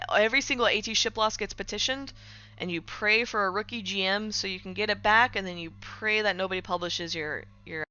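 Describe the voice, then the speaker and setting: Chatty bright-voiced woman streamer. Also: on the low side, dull audio. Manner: chatty, fillers like "right?", sarcastic asides. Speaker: streamer reading chat. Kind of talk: casual live-stream chat.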